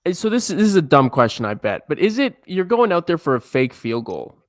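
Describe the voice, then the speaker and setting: A man's voice: fairly high pitch, big pitch swings, brisk, dry recording, studio quality. A man co-hosting a casual sports podcast, breaking in with joking, teasing questions. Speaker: podcast co-host.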